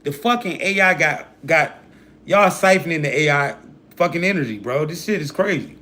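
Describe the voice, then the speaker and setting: A man's voice: on the high side, animated, normal speed, pushed and bright. Preachy, profane man ranting to his stream. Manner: preachy, profane, hype talk with slang. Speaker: livestream host. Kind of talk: casual livestream rant.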